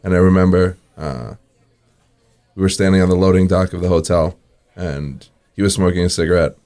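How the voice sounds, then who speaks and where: A man's voice: low voice, steady tone, a little fast, darkish tone. A man, a restaurant owner telling casual stories in an interview, acting out the dialogue and chuckling often. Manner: acts out quoted dialogue in anecdotes, chuckles often.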